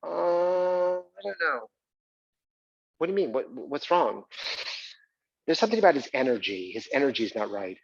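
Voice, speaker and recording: A man's voice: fairly high pitch, lively intonation, normal speed, vocal fry, pauses often, no room sound, highs cut off. A man playing a woman theater producer who dodges questions and talks about astrology and energy. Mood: evasive. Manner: evasive, hesitant.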